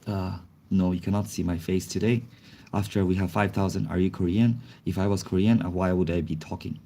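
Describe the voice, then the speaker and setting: A man's voice: low-pitched, steady tone, brisk, mellow, a little hiss or hum. A young man with a slight cold, chatting casually on a livestream in non-native English with grammar slips, reacting to chat comments. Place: indoors, face not shown.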